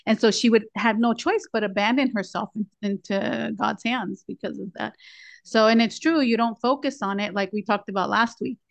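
A woman's voice: on the high side, normal speed, creaky, no echo. A woman in a prayer group, earnestly sharing reflections and reading devotional passages aloud over a video call. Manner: earnest, reflective, with frequent restarts.

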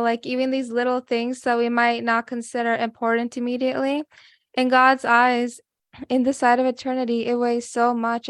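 A woman's voice: fairly high pitch, no echo, clean studio sound. A woman, addressed as a religious sister, earnestly sharing a devotional reflection with many fillers and reading passages aloud. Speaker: guest speaker.

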